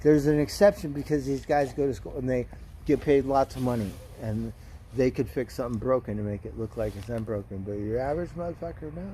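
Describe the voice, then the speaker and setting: A man's voice: medium pitch, fairly quick, mellow, slight background noise. A man casually chatting with his stream viewers, telling rambling, profane stories. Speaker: livestream host.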